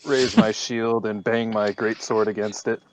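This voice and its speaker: A man's voice: fairly low pitch, level tone, a little slow, a little hiss or hum, low-quality recording. A man playing a tabletop game, joking and chatty. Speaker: player. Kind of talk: casual tabletop play.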